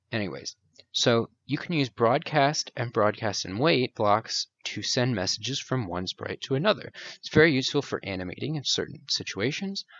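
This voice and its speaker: Male coding tutor, casual and self-deprecating, with a mid-pitched voice and a dull, dry lo-fi sound. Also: vocal fry, fairly bright tone. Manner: casual, self-mocking, thinks aloud. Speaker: programming tutor. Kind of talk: screen-recorded coding tutorial.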